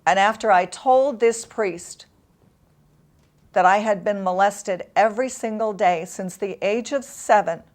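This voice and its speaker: Speaking in a mid-range voice, a woman interview guest recounts a painful personal story. She is emotional and halting, with long pauses.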